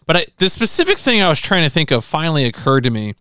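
A man's voice: on the high side, big pitch swings, fast talker, pushed and bright, clear, resonant tone, no echo, clean studio sound. Rambling man chatting on a podcast. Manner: rambling, hedging with many fillers. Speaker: podcast co-host. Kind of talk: casual chat.

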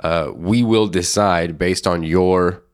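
A man playing a deep, smooth-talking guru doctor. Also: no echo, clean studio sound. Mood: smooth, salesy. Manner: slow, soothing, salesy guru patter. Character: smooth-talking male self-help guru doctor selling seminars. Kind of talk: improvised comedy character.

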